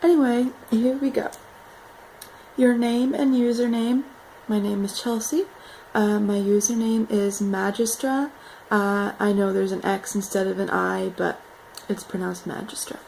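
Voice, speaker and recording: Slow-talking young woman, gravelly. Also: mid-range voice, a little hiss or hum, poor audio. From North Carolina. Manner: relaxed, rambling, says "like" and "um" often. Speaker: vlogger. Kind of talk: casual accent challenge vlog.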